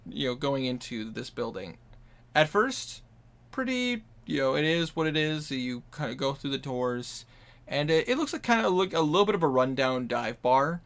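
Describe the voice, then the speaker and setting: Game master, male, Minnesotan accent, loose rambling narration, mid pitch. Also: fairly bright tone. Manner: rambling, casual descriptions with many fillers. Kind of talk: narrating a tabletop game over voice chat.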